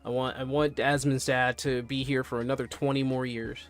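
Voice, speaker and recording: A man's voice: mid-range voice, level tone, a little fast, faint music behind. A man hosting a live stream, chatting candidly and in a subdued way as he reacts to news and to his chat.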